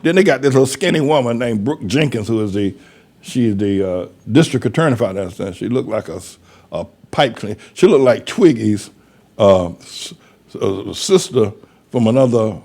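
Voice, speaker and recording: Gravelly pastor guy rambling on, pitch bouncing all over, folksy chuckles. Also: expressive, moderate pace, mellow. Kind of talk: rambling commentary monologue.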